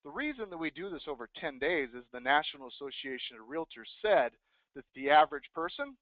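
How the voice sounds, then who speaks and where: A man giving an energetic motivational sales talk to real estate agents, acting out sample phone scripts. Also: fairly high pitch, brisk, no room sound. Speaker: real estate team leader and speaker. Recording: dry, phone-like thin sound.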